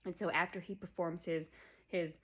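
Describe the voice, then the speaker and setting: A woman's voice: lowish voice, fairly even intonation, moderate pace, a bit bright, husky. Chatty woman retelling a movie plot. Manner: chatty, many "like" and "um" fillers, laughs while retelling. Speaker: podcast host recapping a film. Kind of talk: casual film recap.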